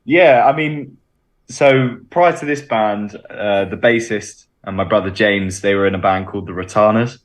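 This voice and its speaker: A man's voice: fairly low pitch, normal speed. A man, a band's drummer, answering radio interview questions with many ums and restarts. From Bristol, England. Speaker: band drummer, interview guest.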